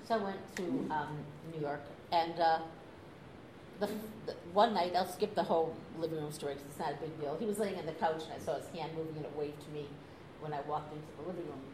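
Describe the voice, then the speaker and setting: Animated older woman telling a story, echoey. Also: deep voice, quick pace. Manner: animated, laughs through the story, acts out quotes. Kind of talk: casual anecdote telling. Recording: echoey room with noise.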